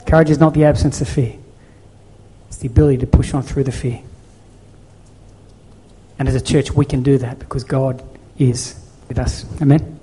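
Husky-voiced pastor preaching earnestly. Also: male voice, mid-range voice, fairly even intonation, moderate pace, pauses often, warm tone. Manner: earnest, pleading rhetorical questions. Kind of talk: sermon. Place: church.

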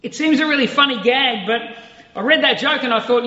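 A man's voice: very high voice, fairly quick, sharp tone, roomy sound, in a large hall, muffled recording. A man preaching an online sermon to a camera in an empty church, talking in a conversational, reflective way. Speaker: pastor. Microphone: facing a camera.

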